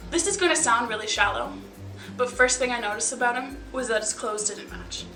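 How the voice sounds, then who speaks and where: A woman's voice: on the high side, brisk, music in the background. A young woman casually telling stories to the camera, chatty and wry, with sarcastic asides and lots of likes. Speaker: vlogger. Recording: echoey room, mic at a distance.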